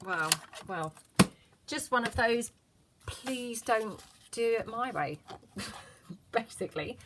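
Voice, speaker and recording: A woman's voice: mid-range voice, expressive, measured pace, noisy background. A woman hosting a casual craft tutorial, chatting and muttering to herself as she works, cheerfully self-deprecating.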